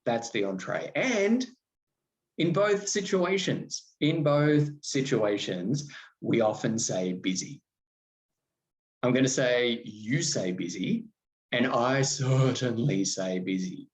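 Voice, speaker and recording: A man hosts his own podcast, musing aloud in an unhurried, reflective chat. His pitch moves freely up and down, and he takes his time, circling back over his words. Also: animated, rough recording. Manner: conversational, reflective, with restarts and acted quotes. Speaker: podcast host. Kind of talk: solo podcast monologue.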